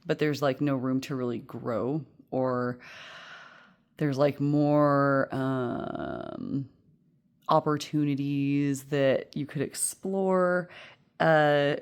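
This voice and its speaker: A woman's voice: very deep voice, fairly even intonation, drawn-out words, smooth. A woman giving a casual pick-a-card tarot reading, rambling and chatty with many fillers and frequent laughter.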